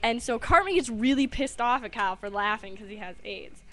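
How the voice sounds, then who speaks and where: A woman's voice: on the high side, expressive, fairly quick, pushed and bright. A woman vlogger chatting casually, rambling and giggling as she retells a cartoon episode. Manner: rambling, giggly, lots of fillers.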